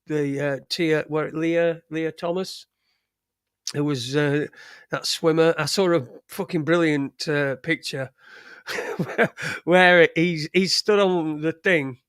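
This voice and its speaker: A man's voice: on the high side, steady tone, slow, a bit bright, clean tone, no room sound, studio quality. A man hosting a live show, talking in a profane, rambling way, full of restarts and trailing thoughts. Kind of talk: casual live-stream rant.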